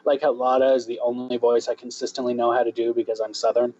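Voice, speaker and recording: A man's voice: medium pitch, flat delivery, fast, warm tone, muffled recording, slight background noise. A man from Florida chatting casually and joking around while playing a game together. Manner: rambling, joking, playful asides. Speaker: co-host. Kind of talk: casual gameplay chat.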